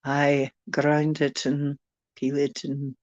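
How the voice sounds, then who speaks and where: A woman's voice: sits low, monotone, darkish tone, no echo, dull audio. A woman putting on a posh British tea hostess. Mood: gracious. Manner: genteel, drawn-out, gracious.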